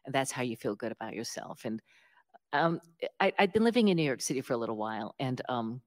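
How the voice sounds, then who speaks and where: A low-pitched, middle-aged woman with a Southern Appalachian lilt, talking as an interview guest. She tells stories in an animated, self-deprecating way, stopping and restarting her sentences often, and laughs at herself now and then. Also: quick pace. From West Virginia, United States. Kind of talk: casual storytelling interview.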